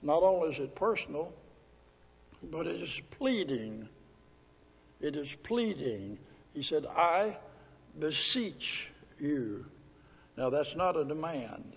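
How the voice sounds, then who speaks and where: A man preaches in a church, his voice slightly raised and husky. He pleads and presses his points, stretching out scripture lines at a very unhurried pace. The sound rings with long reverb from a large hall. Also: fairly high pitch, sing-song, a little mellow. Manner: pleading, emphatic preaching with slow drawn-out scripture reading. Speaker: pastor. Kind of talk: sermon. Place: church sanctuary.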